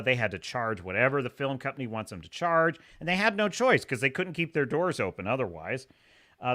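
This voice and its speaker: A man with a medium-pitched, sharp-toned voice hosts a laid-back livestream, chatting animatedly, laughing often, and reading out comments from chat.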